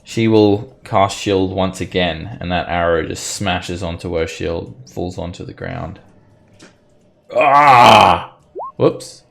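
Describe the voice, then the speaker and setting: A man narrating a tabletop game as game master, playful and quick to laugh. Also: low voice, steady tone, gravelly. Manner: playful, laughing narration with shouted character lines. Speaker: dungeon master.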